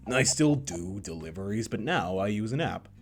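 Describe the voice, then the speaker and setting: Man doing deadpan teasing courier, deep voice, lively intonation. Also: moderate pace, music in the background. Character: calm teasing young deliveryman. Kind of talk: visual novel voice reading.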